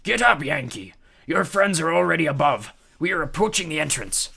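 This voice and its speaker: A man voicing a ghostly zombie ship captain with a gravelly voice, barking orders. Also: fairly high pitch, very animated, normal speed, sharp tone, pitched above the performer's own voice, heavily acted. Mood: commanding.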